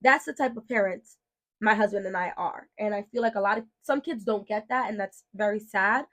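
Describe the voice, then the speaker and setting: A woman's voice: medium pitch, a little fast, fairly bright tone. A woman telling a story in a casual vlog, firm, emphatic and outspoken, like a protective mom setting things straight. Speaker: mom and beauty vlogger.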